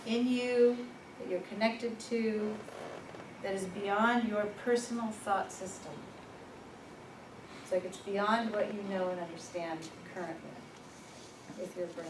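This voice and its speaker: A woman presenting a workshop, telling personal stories in a lively, informal way and laughing at herself. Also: mid-range voice. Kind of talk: personal storytelling in a workshop talk. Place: workshop room. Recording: echoey room, far from the mic, noisy.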